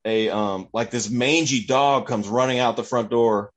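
Guy telling a funny story, animated, mid pitch, does the voices. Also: measured pace. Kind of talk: casual chat, telling an anecdote.

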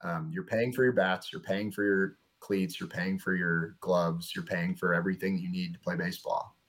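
A young man, a minor league pitcher, telling stories in a casual podcast interview with frequent fillers. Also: normal speed. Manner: relaxed, rambling storyteller with frequent fillers.

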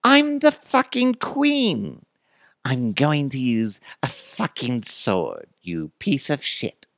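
A man's voice: mid-range voice, wildly swooping pitch, slow pace, vocal fry, a bit bright, dry recording, studio quality, voice pushed up, exaggerated voice. A man doing a foul-mouthed old English queen. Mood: defiant. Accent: put-on English. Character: foul-mouthed elderly queen, bold and swaggering.

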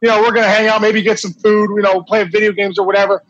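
A middle-aged man, a former ballplayer, telling a lively anecdote in a casual, animated way with many restarts. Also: sits high, fast talker, no echo, dull audio. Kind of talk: casual storytelling.

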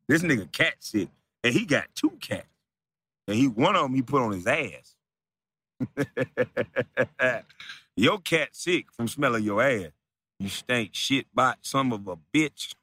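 Taunting man with a lively, swooping voice. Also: medium pitch, slow, breathy edge. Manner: mocking, profane, breaks into laughter, repeats taunts. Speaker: video creator. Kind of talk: taunting rant addressed to a rival.

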